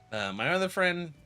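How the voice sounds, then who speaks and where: A man's voice: sits high, bright, forceful tone. A man in his thirties with a cold, streaming a game and rambling through stories with frequent laughter. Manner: rambling storyteller, laughs often. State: has a cold. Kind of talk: casual gaming stream chat.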